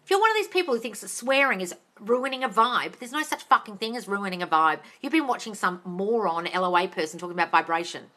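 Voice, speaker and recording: Blunt, bright-voiced Australian woman. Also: mid-range voice, expressive, fast, hardly any pauses. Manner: blunt, swears freely, calls viewers darling. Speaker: manifestation coach. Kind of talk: live-stream Q&A chat. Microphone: phone or tablet.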